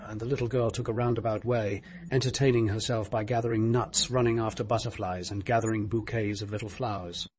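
A man narrating a fairy tale in a steady, measured storybook reading. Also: medium pitch, a little hiss or hum.

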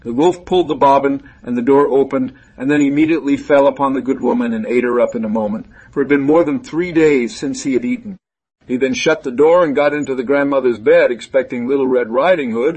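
A man narrating a fairy tale aloud in a calm, even storytelling manner. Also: medium pitch, moderate pace, slightly rough, low-quality recording.

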